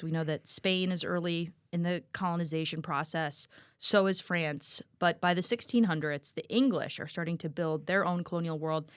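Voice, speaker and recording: A woman with a lowish voice walks through a history review in a playful, chatty way. The recording is close and dry. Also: clean tone, no room sound. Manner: playful, explanatory. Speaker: teacher and podcast co-host. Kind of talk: casual history review chat.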